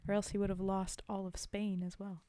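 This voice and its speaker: A woman's voice: mid-range voice, flat delivery, fairly quick, warm tone, no room sound. A woman streamer chatting casually between poem readings, giggling and filling gaps with ums. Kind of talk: casual chat between poems.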